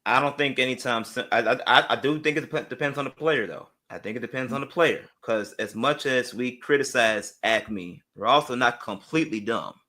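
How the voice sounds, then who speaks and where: A man's voice: medium pitch, normal speed, few pauses, bright, forceful tone. A man appearing as a guest on a sports talk show, giving opinionated takes. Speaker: guest analyst.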